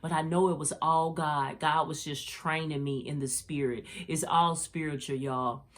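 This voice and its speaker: A woman's voice: deep voice, normal speed. A middle-aged woman hosting a podcast, telling a personal faith story in a casual, slangy way and talking straight to her listeners. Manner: animated, slangy, addresses listeners as y'all. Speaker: podcast host.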